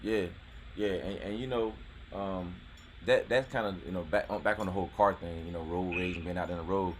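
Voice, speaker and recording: Low-voiced laid-back man chatting. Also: fairly quick, slight background noise. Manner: laid-back, many fillers and restarts. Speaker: YouTube host. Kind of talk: casual podcast chat.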